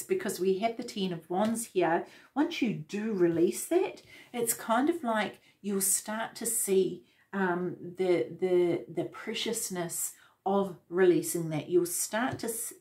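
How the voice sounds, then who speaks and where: A woman giving a casual tarot reading, gentle and reflective, with many fillers and restarts. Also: lowish voice. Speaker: tarot reader.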